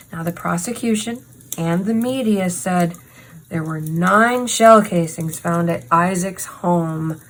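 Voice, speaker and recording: A woman's voice: lowish voice, fairly bright tone, low-quality recording. A woman hosting a casual true crime chat while crafting, talking in an indignant, sarcastic, emphatic way. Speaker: host.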